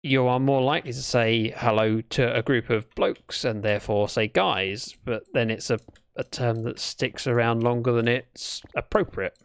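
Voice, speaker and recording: A man's voice: medium pitch, fairly even intonation, normal speed, vocal fry, smooth, no room sound. A British man chatting casually to his live chat while building in a game, thinking aloud as he goes. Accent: British English. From Britain. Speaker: streamer.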